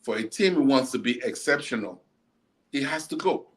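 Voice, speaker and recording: A man's voice: mid-range voice, animated, moderate pace. A man hosting a casual football chat, ranting bluntly and repeating himself as he argues.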